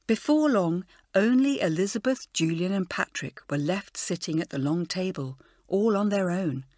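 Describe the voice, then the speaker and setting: A woman narrating a children's storybook in an expressive, animated way. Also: fairly low pitch, moderate pace, hardly any pauses, dry recording, studio quality. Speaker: audiobook narrator.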